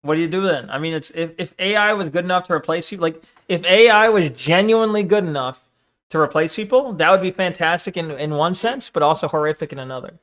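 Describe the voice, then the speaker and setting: Casting note male streamer, slightly high voice, casual rambling reaction chat. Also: quick pace, a bit bright. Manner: rambling, many fillers and restarts.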